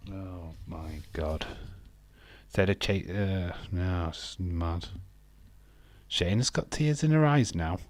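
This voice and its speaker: Low, unhurried man cracking jokes. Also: expressive. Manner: jokey, sarcastic, swears freely. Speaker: wrestling watch-along host. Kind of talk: casual live watch-along commentary.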